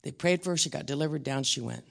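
A man preaching a blunt, emphatic teaching sermon, slowing down and dropping to a whisper on key words. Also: medium pitch, creaky.

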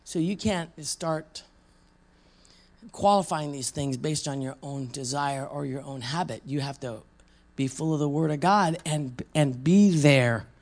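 Gravelly-voiced woman preaching a sermon. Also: deep voice, measured pace, a little mellow. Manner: conversational, asks the room questions; acts out quoted voices.

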